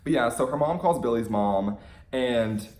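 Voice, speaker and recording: A young man telling an excited fan story in a casual vlog, gushing and full of "like"s. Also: mid-range voice, unhurried, echoey room. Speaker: vlogger.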